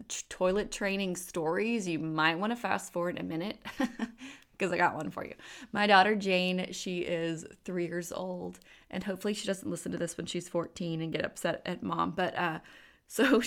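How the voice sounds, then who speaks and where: A woman in her thirties hosting a faith podcast, talking candidly and casually into a microphone with plenty of fillers. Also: mid-range voice. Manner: warm, candid storytelling with fillers. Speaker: podcast host. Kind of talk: faith-based podcast talk.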